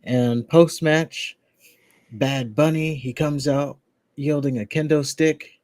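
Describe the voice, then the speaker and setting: A man's voice: a little high, fairly even intonation, takes it slowly, a little mellow, no echo. A man co-hosting a podcast, recapping a wrestling show in casual, rambling chat with restarts and laughs. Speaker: podcast co-host.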